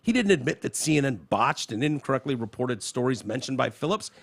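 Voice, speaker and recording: Gravelly, lively-voiced podcast host. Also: male voice, medium pitch, fairly quick. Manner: animated, profane, reads quotes aloud. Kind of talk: casual political chat. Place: podcast studio.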